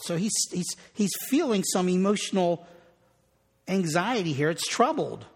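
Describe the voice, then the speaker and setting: A man's voice: high-pitched, animated, normal speed, slightly rough. A man preaching a sermon in an earnest way, repeating phrases for emphasis. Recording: long reverb of a large hall.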